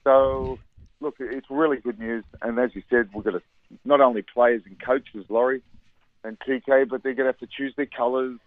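A man's voice: medium pitch, steady tone, moderate pace, dry recording. Australian male football pundit phoning into radio, chatty, dry tinny line. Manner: chatty, repeats words for emphasis. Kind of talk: phone-in radio sports chat.

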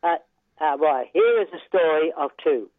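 A man's voice: on the high side, normal speed, no room sound. An older Australian man's voice comes through a thin, phone-like line, dry and close, with no room sound around it. He spins rambling racetrack yarns, chuckling often and dropping "yeah" between every thought. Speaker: retired horse trainer. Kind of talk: casual storytelling interview.

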